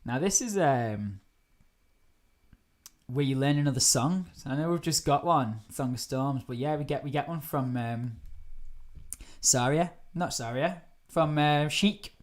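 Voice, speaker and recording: A woman chatting through a live gameplay stream, easily startled and quick to laugh. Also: rumbling low. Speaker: game streamer.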